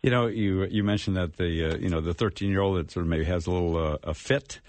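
A man hosting an interview, asking questions in a halting way with many fillers. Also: sits low, a little mellow, no echo. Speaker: host.

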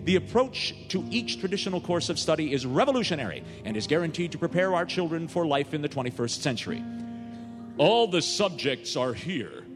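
A man telling a humorous tale in a deadpan storytelling manner. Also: fairly high pitch, fast, few pauses, big-room sound, over music.

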